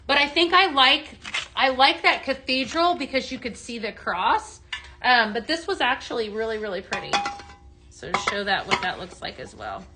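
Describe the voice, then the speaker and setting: A woman hosting a live sales stream, gushing excitedly and talking straight to her viewers in a chatty product demo. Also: fairly high pitch, normal speed, background noise. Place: indoors, dimmed room.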